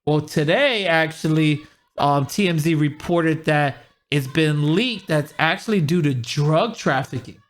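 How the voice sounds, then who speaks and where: A podcast host with a fairly high-pitched, unhurried male voice chats casually and animatedly. He acts out what others said, quoting them in a raised voice.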